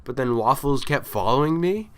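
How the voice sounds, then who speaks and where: A man ranting in casual storytelling, exasperated and complaining, acting out the people he met in quick quoted lines. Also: mid-range voice, animated, clear, resonant tone. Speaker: vlogger.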